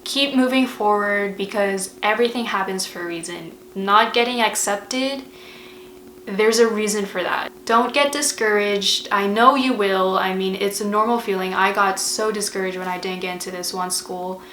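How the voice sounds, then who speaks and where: A woman's voice: mid-range voice, moderate pace, fairly bright tone, reverberant, slight background noise, rough recording. A young woman chatting in a casual advice vlog, emotional and full of fillers. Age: young adult. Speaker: vlogger.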